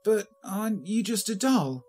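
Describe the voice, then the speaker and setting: A man voicing a frightened, feverish young woman who croaks her words. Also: high voice, lively intonation, a little slow, darkish tone, voice pushed up. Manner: croaking, fearful.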